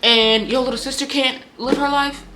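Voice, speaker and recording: A woman giving a casual book review on her vlog, talking in an animated, candid way, swearing freely and acting out lines from the story. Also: high-pitched, moderate pace, background noise. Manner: animated, candid and profane, acts out quotes.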